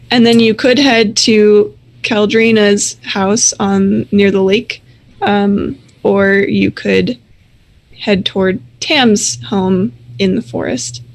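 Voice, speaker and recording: A woman narrating as game master of a tabletop game, measured and thoughtful. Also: mid-range voice, fairly even intonation.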